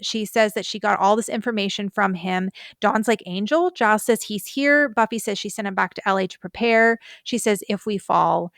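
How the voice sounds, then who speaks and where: A woman's voice: medium pitch, moderate pace, gravelly, hardly any pauses, fairly bright tone, dry recording, studio quality. A woman co-hosting a podcast, chatting casually and animatedly as she recaps scenes and reads out lines. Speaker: podcast co-host.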